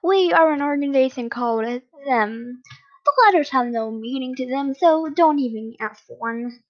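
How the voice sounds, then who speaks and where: A woman reading aloud, voicing a smug, sly male villain henchman who taunts his captives in a slow, mocking way. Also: high-pitched, dull audio, natural voice.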